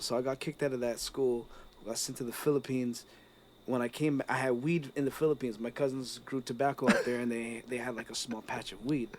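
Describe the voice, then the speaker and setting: A man, telling stories in a casual podcast chat over a video call, lively and laughing often. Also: mid-range voice, a little hiss or hum. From Toronto, Canada. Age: 30s. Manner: animated storyteller, slips into put-on voices, laughs often. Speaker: podcast co-host.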